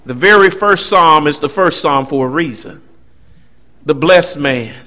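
A preacher man delivers a sermon with a high-pitched, ringing voice. He preaches emphatically, swinging his delivery up and down and tossing asides to the congregation. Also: a little slow, sharp tone.

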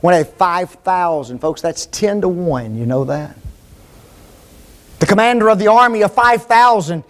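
A man's voice: high voice, expressive, unhurried. A man preaching a sermon to a congregation, driving points home with repeated phrases and tag questions. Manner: rhetorical tag questions, emphatic repetition.

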